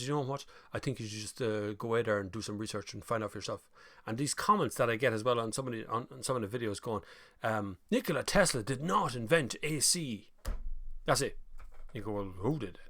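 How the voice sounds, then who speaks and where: Animated Irish man hosting a live chat. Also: medium pitch, creaky, dry recording, studio quality. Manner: animated, mocking put-on voices when quoting people. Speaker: live stream host. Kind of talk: casual live chat reading comments.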